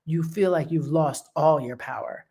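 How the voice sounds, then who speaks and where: A woman's voice: deep voice, normal speed, mellow, breathy edge. Encouraging woman talking straight to listeners. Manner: direct, encouraging, conversational with many fillers. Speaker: host. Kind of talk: casual motivational talk.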